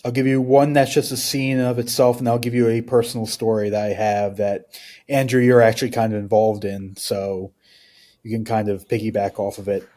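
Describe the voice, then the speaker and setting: A man's voice: on the low side, level tone, brisk, warm tone. A man, a guest on a podcast, telling personal stories in a rambling, casual way. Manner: rambling, uses many fillers.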